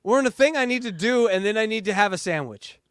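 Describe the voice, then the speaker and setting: Animated, high-voiced ranting man. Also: fast talker, clear, resonant tone, dry recording, clean studio sound. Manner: loud, laughing, animated ranting. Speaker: podcast co-host. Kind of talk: casual crude banter.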